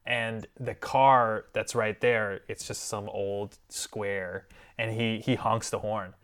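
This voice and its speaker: A man's voice: fairly low pitch, fairly even intonation, takes it slowly, fairly bright tone, clean tone. A young man co-hosting a podcast, telling a story in casual chat and acting out other people's lines as he goes. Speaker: podcast co-host.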